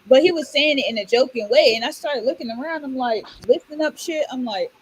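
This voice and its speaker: A young woman from Orlando who tells stories in a blunt, animated way, swearing freely in casual podcast chat. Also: high voice, fairly quick, slightly rough, low-quality recording. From Orlando, Florida. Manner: blunt, animated storytelling with profanity.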